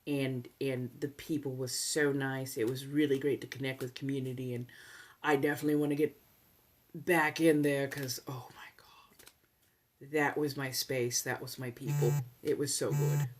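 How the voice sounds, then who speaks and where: A woman hosting a soft-spoken ASMR livestream in a put-on 1700s colonial American accent, chatting casually and teasing her viewers with a playful edge. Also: extremely low pitch, flat delivery, moderate pace. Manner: teasing, playful with chat, laughs often.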